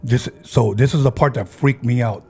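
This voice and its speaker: A man tells a friend's eerie story in a relaxed podcast chat. His voice is husky and mid-pitched, and he slips into the voices of the people he quotes. Soft music plays faintly behind him. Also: moderate pace. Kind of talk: casual storytelling.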